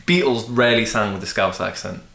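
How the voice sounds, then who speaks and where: A man's voice: lowish voice, brisk, vocal fry, crowd noise. A young man hosting a casual music podcast, thinking aloud with frequent restarts and fillers. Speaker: podcast host. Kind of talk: casual chat. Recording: roomy echo.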